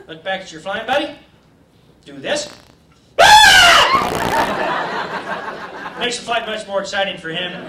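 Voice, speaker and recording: High-voiced male comic, crude crowd work. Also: distant mic, noisy background. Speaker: stand-up comedian. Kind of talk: stand-up set. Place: comedy club stage. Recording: roomy club taped from afar, loud crowd.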